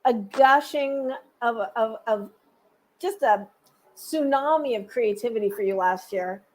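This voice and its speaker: A woman's voice: on the high side, measured pace, low-quality recording. A woman hosting a casual chat, playful and chatty, with rambling asides. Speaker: podcast host.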